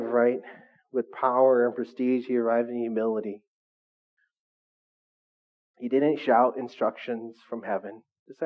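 A man's voice: medium pitch, a little slow, long pauses. A middle-aged male pastor preaching a sermon in a conversational way, often asking his listeners questions. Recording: phone-like narrow sound.

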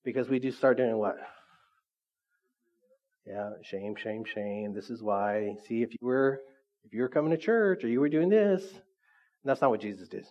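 A man's voice: medium pitch, animated, brisk, dull audio. A man preaching a sermon in a church, conversational and often asking the congregation questions. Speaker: pastor.

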